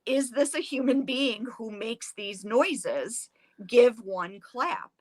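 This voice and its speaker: A woman's voice: fairly high pitch, animated, slow. A woman voicing an exasperated 1840s farm mother who scolds her daughters, then questions the noise warily. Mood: wary.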